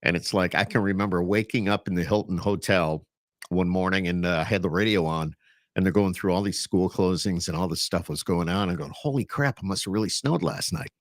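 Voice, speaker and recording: A man's voice: low voice, steady tone, fairly quick, no echo, studio quality. A man with an Upstate New York accent hosting a podcast, chatty and rambling as he talks with a guest over a video call. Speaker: podcast host. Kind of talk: casual interview chat.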